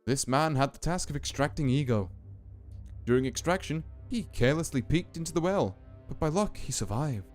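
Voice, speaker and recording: A man voicing a calm, solemn female graveyard keeper with a faint put-on Scottish lilt, speaking slowly and ominously over faint music. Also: on the high side, natural voice. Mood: eerie. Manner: slow, deliberate, ominous storytelling.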